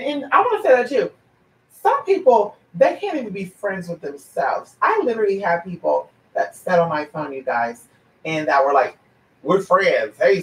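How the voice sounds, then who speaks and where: A trans woman who works as a paid psychic reader talks directly to her viewers in a casual vlog rant, sassy, blunt and heavy on swearing. Her low-pitched voice comes through slight background noise and a roomy echo, far from the mic, as she animatedly mimics people in her stories.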